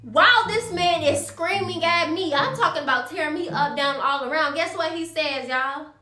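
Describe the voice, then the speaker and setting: A woman's voice: high-pitched, normal speed, pushed and bright, roomy sound. A young woman in a storytime vlog, talking animatedly and calling her viewers y'all. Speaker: vlogger.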